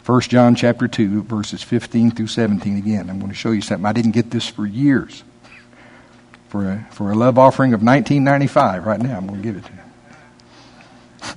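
A man preaching a sermon in a conversational way, laughing and teasing his listeners, rising in pitch and volume when he stresses a point. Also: fairly even intonation, brisk, darkish tone, husky.

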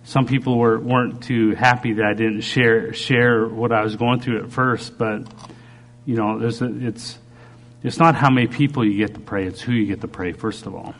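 A middle-aged man preacher giving a halting, earnest personal testimony during a sermon while recovering from a stroke. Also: medium pitch, fairly even intonation, fairly bright tone. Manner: earnest, halting, with frequent restarts.

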